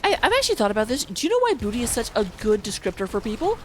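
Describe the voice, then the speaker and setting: A woman's voice: fairly high pitch, big pitch swings, racing, slight background noise. Chatty woman casting a video game. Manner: chatty, self-mocking, laughs easily. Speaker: esports caster. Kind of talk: live game commentary.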